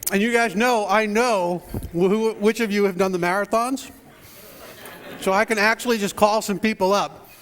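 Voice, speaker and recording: Pastor guy, high voice, jokey and chatty with the crowd in church. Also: fairly even intonation, normal speed, a bit bright, in a large hall. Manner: joking, chatty, talks straight to the congregation. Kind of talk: playful sermon opening with audience interaction. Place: church sanctuary.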